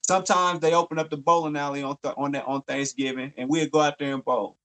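A man's voice: fairly high pitch, little pitch movement, quick pace, bright, forceful tone, rough recording. A man co-hosting a podcast in casual chat, laid-back, repeating his words and tagging lines with "man". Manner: laid-back, repeats words, trailing "man" and "you know what I'm saying". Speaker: podcast co-host.

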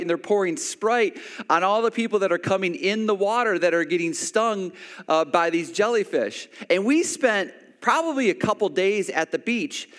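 A man's voice: high voice, a bit bright, big-room sound. A man preaching a sermon, telling a personal story with many restarts and acted-out quotes. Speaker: pastor.

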